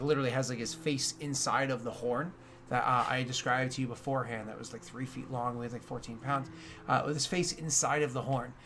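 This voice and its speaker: A man's voice: medium pitch, fairly bright tone, slight background noise. A man narrating as game master, rambling with many fillers and restarts.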